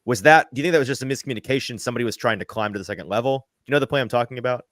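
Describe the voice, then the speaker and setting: A man hosting a live sports podcast, asking questions and steering the show along briskly. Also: medium pitch, fairly bright tone, no echo, clean studio sound. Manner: brisk, keeps the show moving. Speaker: podcast host.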